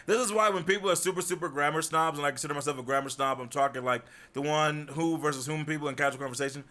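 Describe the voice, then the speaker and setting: Young guy streamer, bright higher voice, jokey, swears a lot, chatting with chat. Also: fast talker. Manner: joking, animated, swears freely. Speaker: livestreamer. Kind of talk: casual chat with viewers.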